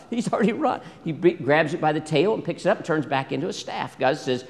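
Animated, gravelly pastor in an echoing hall. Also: male voice, fairly high pitch, a little fast, few pauses. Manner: animated, acts out biblical dialogue, asks congregation questions. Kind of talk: sermon. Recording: long hall reverb.

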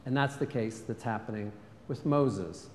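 Earnest preacher in a reverberant hall. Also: male voice, measured pace. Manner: earnest, varies loudness, often drops to a soft low tone. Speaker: pastor. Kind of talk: sermon.

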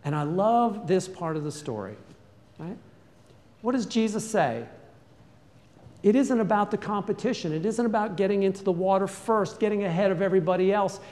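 Man, pastor, sermon, high voice, earnest questions, urgent commands, long church reverb. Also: a little mellow.

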